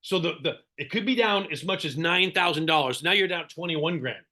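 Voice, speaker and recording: Man, high bright voice, animated sarcastic coach who quizzes his audience on a video call. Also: fairly quick. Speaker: real estate coach. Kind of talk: live online seminar talk.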